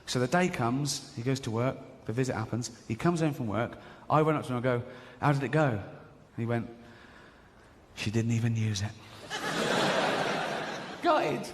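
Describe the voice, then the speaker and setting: An English man doing a stand-up comedy set, swinging into high squeaky exclamations and quick impressions. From England. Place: large theatre stage before a laughing audience. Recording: live hall recording with audience noise.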